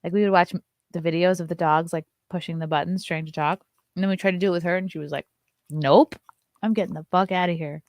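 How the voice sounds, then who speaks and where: A woman's voice: steady tone, fast, no room sound. Woman comic, host of a morning show, casual and chatty, dry close sound. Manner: chatty, turns to high sing-song baby talk with her dog. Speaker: comedian hosting a morning show. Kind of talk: casual chat, reading viewer comments.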